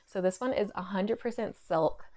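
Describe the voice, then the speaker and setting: A woman's voice: medium pitch, normal speed, darkish tone. A young woman chatting casually through a thrift haul, full of "like" fillers and a little out of breath. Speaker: fashion vlogger.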